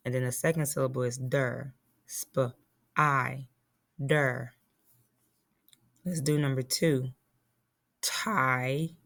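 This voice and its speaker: Slow, patient woman teaching phonics. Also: very deep voice, steady tone, vocal fry. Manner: slow, patient, spells and sounds out words. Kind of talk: phonics lesson for young children.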